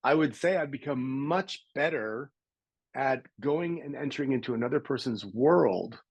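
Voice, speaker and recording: A middle-aged man from Canada, a podcast guest telling stories in a lively conversational way and acting out the voices of people he quotes. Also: mid-range voice, moderate pace, creaky, breathy edge, dry recording, muffled recording. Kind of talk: conversational storytelling.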